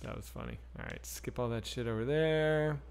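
Smooth and medium-pitched with vocal fry, this gamer in his forties talks at a moderate pace. He keeps up casual, profanity-laced banter with his chat while playing on stream.

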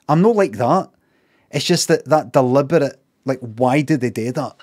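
A Scottish man livestreaming, talking in a casual, sweary, animated rant. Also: mid-range voice, normal speed.

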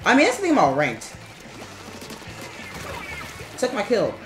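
A male streamer chats loosely over his gameplay, his voice lively and jumping around in pitch as he rambles and jokes. The room has a roomy echo, and faint game music plays underneath. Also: measured pace. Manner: rambling and playful, chanting "garbage" in sudden high squeals. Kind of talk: casual live-stream commentary while gaming.

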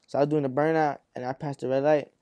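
In this casual storytelling interview, the guest is an Arizona rapper who spins long, profane street-slang tales full of fillers and voices the characters himself. His voice sits a little high, level and warm, moving at a quick pace. The audio is dull but free of echo.

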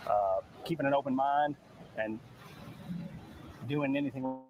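A man's voice: mid-range voice, unhurried, phone-quality sound, a little hiss or hum. A man, a law enforcement officer, answering questions at an outdoor press briefing in an earnest, plain-spoken way. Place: outdoors at a search site.

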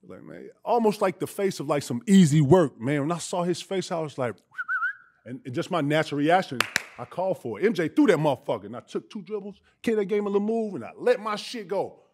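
A man's voice: fairly high pitch, expressive, fairly quick, a little mellow. A man telling stories from his playing days in a loose, profane way, acting out the voices of other people. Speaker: guest storyteller. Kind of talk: casual storytelling.

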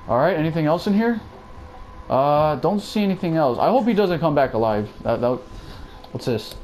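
A young man with a slightly high voice talks his viewers through a horror game, jumpy and chatty as he plays. A faint hiss sits under his voice throughout. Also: darkish tone. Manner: jumpy, exclaims and chatters to viewers while playing. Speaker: gaming YouTuber. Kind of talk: let's play commentary.

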